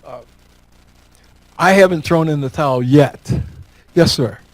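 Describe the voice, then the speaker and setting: High-voiced joking man speaking dry. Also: unhurried, no room sound, low-quality recording. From Elmira, New York. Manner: folksy, joking, repeats words for emphasis. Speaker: guest speaker. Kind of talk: speech with audience questions.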